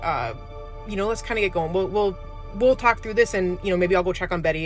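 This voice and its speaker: A mid-pitched speaker tells an eerie hospital story in a loose, rambling way, full of fillers and acted-out quotes. A clear music bed plays underneath the voice. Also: lively intonation, fast talker. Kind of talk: casual spoken storytelling.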